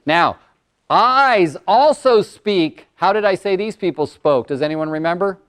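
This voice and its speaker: Older male workshop speaker, energetic and wordy, fairly high smooth voice. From California. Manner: energetic, talks loud and fast with lots of words. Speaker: motivational speaker and coach. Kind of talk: live workshop presentation.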